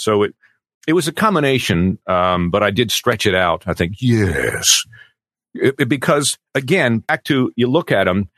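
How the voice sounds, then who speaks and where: A middle-aged male voice actor telling stories as an interview guest in a rambling, animated way, slipping into character voices. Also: sits low, no echo, clean studio sound. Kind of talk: casual storytelling in an interview.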